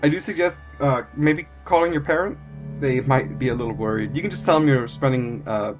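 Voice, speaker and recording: A remorseful heroine and mentor to a pack of kids, as a man puts her on in a tabletop game. She talks haltingly and softly, at a middling pitch, with faint music underneath. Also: close to an everyday voice. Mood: gentle. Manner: halting, apologetic, soft-spoken. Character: remorseful adult woman hero and mentor to kids.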